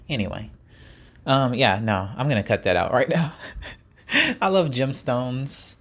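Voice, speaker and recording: A man's voice: mid-range voice, sing-song, takes it slowly, a bit bright. Playful, chatty man hosting a solo podcast. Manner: playful, chatty, talks straight to listeners; jokey asides with laughs and sighs. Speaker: podcast host. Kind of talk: casual solo podcast chat.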